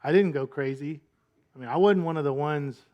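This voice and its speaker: A man's voice: a little high, normal speed, lo-fi sound, lightly acted. A male preacher voicing panicked, frightened disciples who later turn sheepish. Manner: panicked yelling, then sheepish. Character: frantic frightened fishermen disciples, men.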